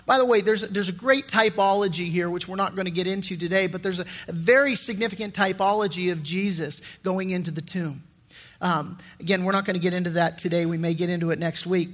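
A middle-aged man preaching a sermon as pastor, in a lively conversational way with frequent restarts. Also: sits high.

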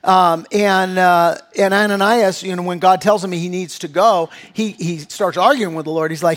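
A man's voice: high-pitched, steady tone, normal speed, few pauses, a bit bright. A male pastor preaching a sermon in earnest, with fillers and restarts, sometimes acting out voices from the scriptures.

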